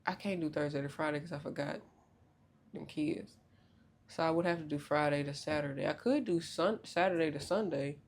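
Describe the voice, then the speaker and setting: A young woman hosting a podcast in casual chat, loud, joking and profane, with big swoops in pitch. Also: moderate pace. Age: young adult. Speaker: podcast host.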